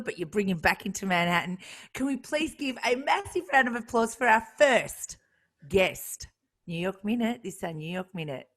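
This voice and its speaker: A woman, co-hosting a radio show in a bubbly, fast-moving casual chat that jumps between thoughts. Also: mid-range voice. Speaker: radio co-host.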